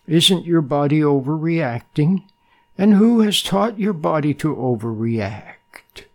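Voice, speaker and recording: Gravelly older man giving a gentle spiritual talk. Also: medium pitch. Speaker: meditation teacher.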